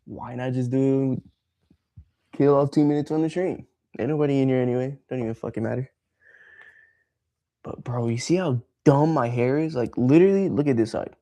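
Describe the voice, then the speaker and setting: A man's voice: mid-range voice, moderate pace, warm tone. A man ranting on a casual livestream, frustrated and swearing freely as he rambles. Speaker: streamer.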